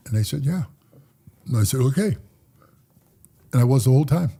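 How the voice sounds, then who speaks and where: An older man with a husky, mellow voice tells stories in a casual podcast interview. He talks rough and profane and acts out each person in his tales. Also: medium pitch, animated, fairly quick, long pauses. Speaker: podcast guest, former motorcycle club president.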